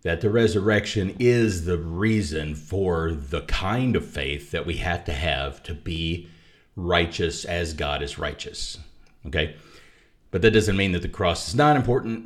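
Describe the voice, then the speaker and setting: A man's voice: low-pitched, a bit bright. A man, an author discussing his book, who talks thoughtfully with restarts and asides. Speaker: author and guest. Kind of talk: conversational theology discussion.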